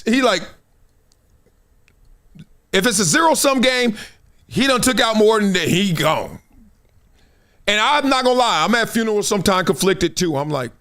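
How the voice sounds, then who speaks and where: A man hosting a live stream, talking in an animated, emphatic storytelling way. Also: high-pitched, moderate pace, long pauses. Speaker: show host.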